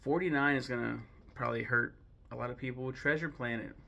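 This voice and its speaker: Young man, gravelly mid voice, casual opinionated film commentary, digressive. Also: medium pitch, fairly even intonation, quick pace, sharp tone. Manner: chatty, digressive, many ums and self-corrections. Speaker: host ranking films.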